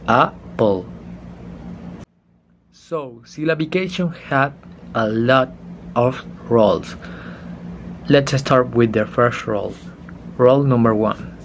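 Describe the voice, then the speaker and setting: A young man whose first language is Spanish, giving a halting class presentation, stopping to spell out letters and correct himself. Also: mid-range voice, slight background noise. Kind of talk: slow explanatory class presentation.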